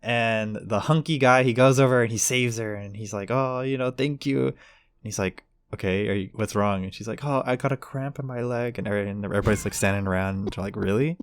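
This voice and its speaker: A man co-hosting a casual podcast rambles through a story, acting out the quotes in different voices. His voice is lowish and clean with no echo, and he talks a little fast.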